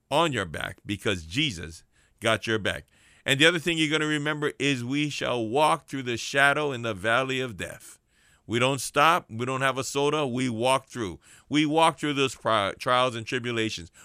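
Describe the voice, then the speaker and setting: A fervent man delivers a radio sermon, his voice bright and forceful. He builds his points through rhetorical repetition, and the sound is close and dry with no room behind it. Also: mid-range voice, smooth, no room sound. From Hawaii. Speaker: radio preacher and prison minister. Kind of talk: radio sermon and shout-outs.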